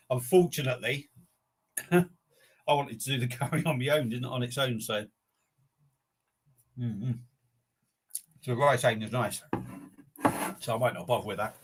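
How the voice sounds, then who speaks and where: A man's voice: medium pitch, fairly bright tone, slightly rough. An older man, chatting casually on a live eating stream, breathless and rambling with his mouth burning from chilli, sweating and sniffling. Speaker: livestream host.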